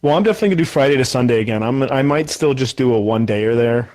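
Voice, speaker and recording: A man co-hosting a podcast, chiming in with relaxed, joking banter. He sounds easygoing and casual, in a mid-pitched voice. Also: very fast. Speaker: podcast co-host.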